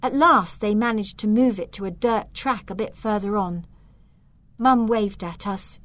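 Slow, measured woman reading a story. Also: mid-range voice, fairly bright tone, no echo. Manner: clear, measured reading aloud. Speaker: narrator.

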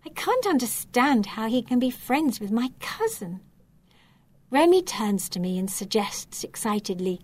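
A woman narrating a storybook reading in a measured, clear, deliberate way. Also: a little high, big pitch swings, darkish tone, dry recording.

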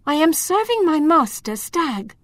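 A woman's voice: sits high, big pitch swings, a little slow, no echo, voice pushed up. A woman voicing a cold female elf, devoted to a sorcerer, who speaks sharply and with scorn, as in a storybook reading. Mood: scornful.

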